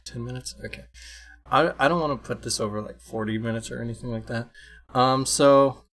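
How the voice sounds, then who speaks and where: A man's voice: mid-range voice, brisk, a bit bright. Rambling, apologetic young man. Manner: rambling, apologetic, with many restarts. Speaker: vlogger. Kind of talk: casual unscripted talk to camera. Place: room at home. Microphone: computer microphone.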